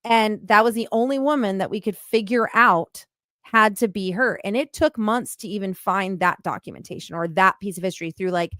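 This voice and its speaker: A middle-aged woman tells of her paranormal encounter in a casual podcast chat. She is animated and emphatic and uses plenty of fillers. Her voice sits in a middle range and sounds dry and close to the mic. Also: medium pitch, normal speed, no room sound. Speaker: paranormal investigator guest.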